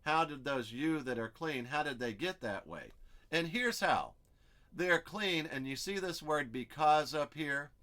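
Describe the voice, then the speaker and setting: Guy leading a bible study, bright clear voice, walks through it step by step like he's thinking out loud. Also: on the high side, animated, measured pace. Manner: explains step by step, thinking aloud over on-screen text. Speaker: Bible teacher. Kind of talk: expository Bible study lesson.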